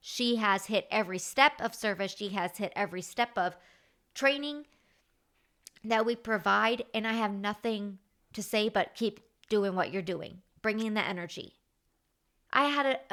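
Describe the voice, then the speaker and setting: A woman, hosting her own podcast and telling work stories in a chatty, animated way, acting out what others said. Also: fairly high pitch. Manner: animated, chatty, acts out quoted dialogue. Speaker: podcast host. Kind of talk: casual storytelling monologue.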